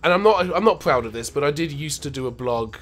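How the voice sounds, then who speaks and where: A man's voice: a little high, lively intonation, fast talker, soft background music. Rambling self-deprecating English man. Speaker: co-host. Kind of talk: casual podcast chat while playing games.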